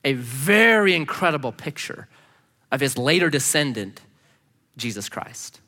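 Voicing each person in the tale, a male pastor vividly relates a personal story in his sermon. He speaks at a measured pace in a mid-pitched voice, recorded in a large hall.

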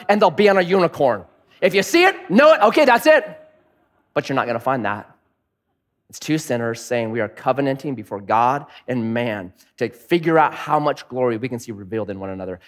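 A middle-aged man preaches a sermon as a pastor, animated and joking, now and then mimicking people in a high voice.

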